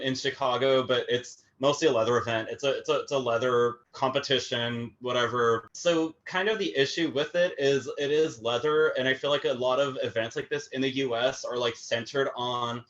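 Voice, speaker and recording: A man's voice: medium pitch, fairly bright tone, dull audio. A man, a podcast guest, talking casually with hesitant, stammering starts. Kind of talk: casual chat.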